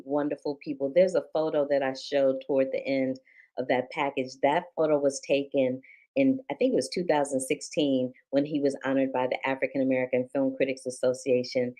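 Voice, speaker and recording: A woman hosts a podcast with an exceptionally low-pitched voice. She talks effusively and expressively, both when interviewing a guest and when closing out the episode. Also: warm tone. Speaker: podcast host.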